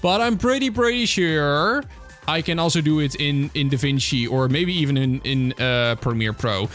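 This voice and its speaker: A man's voice: fairly high pitch, normal speed, fairly bright tone, soft background music. A man from the Netherlands with a Dutch accent, chatting casually on a livestream and answering viewer questions with lots of fillers and restarts. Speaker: streamer.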